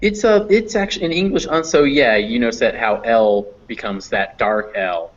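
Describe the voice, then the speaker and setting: A man's voice: medium pitch, moderate pace. Male online teacher, patient and explanatory, mid-range voice, muffled call audio. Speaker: online English phonetics teacher. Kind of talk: live online class explanation. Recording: dull lo-fi online class audio.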